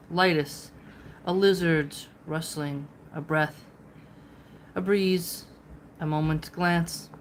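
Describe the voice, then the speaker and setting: A woman gives voice to an old wandering sage talking to himself in a slow, measured read-aloud. The voice sits a little low, and every phrase is drawn out unhurriedly, with a faint hiss of room ambience behind.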